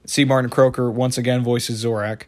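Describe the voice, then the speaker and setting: A man's voice: mid-range voice, flat delivery, normal speed. A man talking casually and at length about a favorite cartoon, rambling with many fillers and restarts. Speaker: show reviewer. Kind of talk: casual monologue review.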